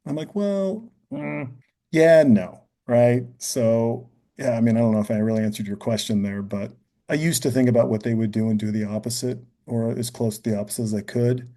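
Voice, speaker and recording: Deep, mellow-voiced man reflecting earnestly. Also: flat delivery, a little fast. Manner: earnest, thinks aloud, often adds "you know" and "right?". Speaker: podcast guest. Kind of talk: reflective podcast conversation.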